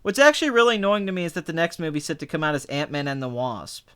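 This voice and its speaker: This is a young man in relaxed chat, co-hosting a film review show. His voice is bright and smooth, a touch higher than most men's. He talks loosely, with fillers and restarts, and keeps slipping into lively impressions of other people. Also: fast. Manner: animated, mimics people in high excited bursts. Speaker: podcast co-host reviewing films. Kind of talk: casual chat.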